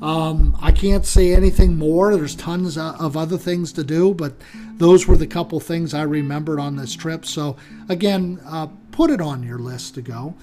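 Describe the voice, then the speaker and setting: American guy rambling through a trip story, lots of ums, slightly high voice. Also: moderate pace, faint music behind. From United States. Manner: animated, chatty, many fillers. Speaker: podcast host. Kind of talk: casual travel storytelling.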